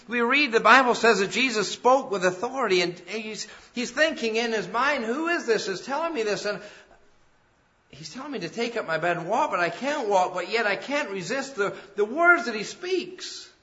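A man's voice: high voice, animated, normal speed, pushed and bright, slightly rough. A man preaching a sermon in an earnest way that rises to emphatic peaks. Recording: dull lo-fi sound.

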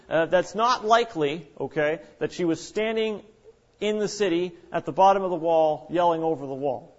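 Male preacher, slightly high voice, lively delivery with acted-out quotes, muffled lo-fi recording. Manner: animated, acts out quoted voices. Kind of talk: sermon. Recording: dull lo-fi recording.

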